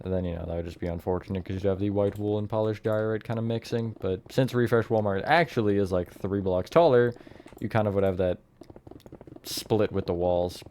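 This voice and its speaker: Low-voiced young man, rambling tutorial. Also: darkish tone, slight background noise. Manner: rambling, hedging, self-correcting. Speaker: Minecraft tutorial host. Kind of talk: casual building tutorial narration.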